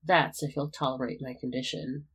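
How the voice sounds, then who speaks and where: Reserved teenage werewolf with a quiet, husky voice, read by a storyteller. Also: medium pitch, level tone, normal speed. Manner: quiet, soft-spoken.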